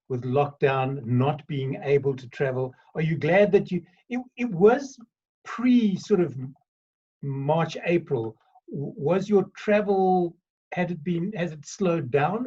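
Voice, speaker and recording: Man, interview host, chatty, laughs often, husky, lo-fi video call sound. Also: a little high, mellow. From South Africa.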